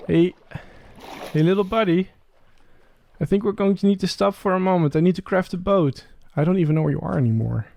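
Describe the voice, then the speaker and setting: In casual gameplay commentary, a young Let's Play creator chats while he plays, speaking to the creatures and asking excited, rising questions. The voice sits high and creaky, a little fast, with no room sound.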